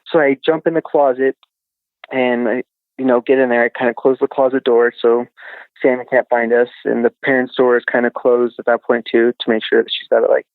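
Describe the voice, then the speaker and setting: A man's voice: medium pitch, little pitch movement, brisk, gravelly, no echo. A man recounting a childhood experience as a podcast guest, rambling with lots of fillers over a tinny phone line. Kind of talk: casual storytelling.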